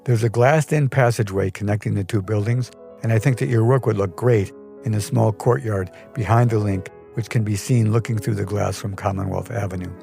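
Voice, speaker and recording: A man playing a middle-aged university official who talks firmly but gently, in a measured tone. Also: fairly low pitch, gravelly, soft background music. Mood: matter-of-fact.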